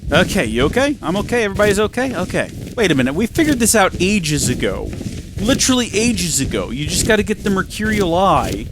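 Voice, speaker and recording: Chatty gamer guy narrating his let's play, voice jumps all over, loud game noise in the back. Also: high voice, brisk. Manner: chatty, excitable, talks to himself and the game. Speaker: gaming channel host.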